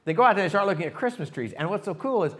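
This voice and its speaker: A man's voice: high voice, very fast. A male pastor preaching a sermon, telling a story with animation and talking straight to his congregation. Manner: animated storytelling, shifts to hushed reflection; talks directly to the congregation.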